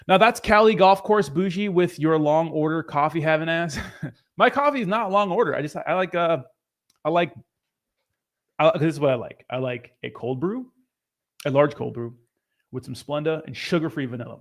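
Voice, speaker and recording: A man's voice: on the high side, expressive, moderate pace, pauses often. A young man hosting a crypto livestream who reads out viewer comments in casual, rambling, profane chat.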